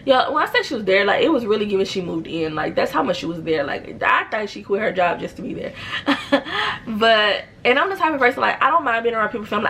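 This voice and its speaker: Chatty young woman with a gravelly voice. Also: mid-range voice, fairly bright tone, a little hiss or hum, low-quality recording. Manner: chatty, slangy, many fillers. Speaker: storytime vlogger. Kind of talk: casual storytelling.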